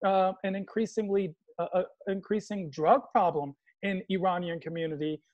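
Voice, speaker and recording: Speaking on a video call panel, this Washington, D.C. man has a high voice and talks at normal speed over lo-fi sound. The conversation is casual and funny, and he animates his stories by slipping into mock voices.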